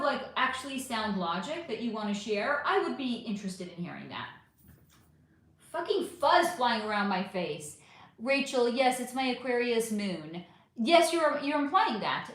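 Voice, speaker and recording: A woman's voice: on the high side, a bit bright. A middle-aged woman hosting a casual livestream, reading chat and answering commenters bluntly and sarcastically. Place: home room. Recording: roomy echo.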